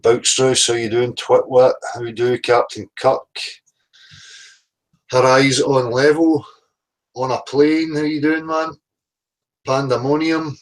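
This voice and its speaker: A man's voice: mid-range voice, flat delivery, slow, long pauses, poor audio. Blunt, sweary man hosting a stream. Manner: blunt, sweary, greets chat viewers one by one. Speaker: livestream host. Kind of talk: casual livestream chat.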